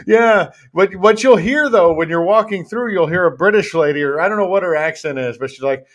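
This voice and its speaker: A man's voice: high-pitched, brisk, few pauses. A man hosting a talk radio show, upbeat and jokey as he interviews a guest.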